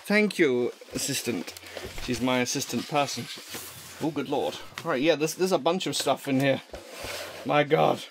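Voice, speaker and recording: A man's voice: medium pitch, normal speed, noisy background. A young man rambling and joking as he unboxes fan mail at home into a desk microphone, full of fillers and restarts. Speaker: vlogger opening fan mail. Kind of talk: casual unboxing vlog. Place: room at home.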